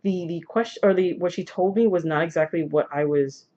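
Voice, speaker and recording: A woman with a sore throat vlogs to camera, casually rambling through a personal story full of fillers and restarts. Her voice is lowish and mellow, running a little fast. The recording sounds dull and lo-fi.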